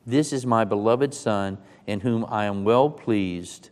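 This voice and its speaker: A man's voice: on the low side, slow, hardly any pauses, darkish tone. A man preaching a sermon in a dramatic, emphatic way, sometimes speaking in the first person of the scripture he retells. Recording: long reverb of a large hall.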